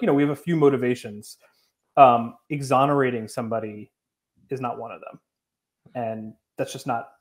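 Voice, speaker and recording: A man answers interview questions as a guest journalist in an earnest, defensive way. He leans heavily on fillers as he explains himself, at an ordinary pitch.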